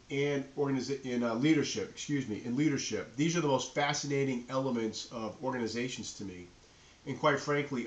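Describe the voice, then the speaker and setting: A man's voice: mid-range voice, echoey room. A middle-aged man from New Hampshire with a New England accent, an enthusiastic university instructor introducing his course to students. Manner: enthusiastic, friendly, addresses students directly.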